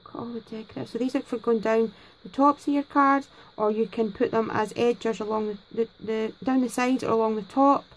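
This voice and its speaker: A woman's voice: on the high side, steady tone, fairly quick, poor audio. A woman, chatting to camera at her craft desk at home, gushing with thanks as she unboxes her gifts. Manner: gushing, effusive, many exclamations. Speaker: craft vlogger.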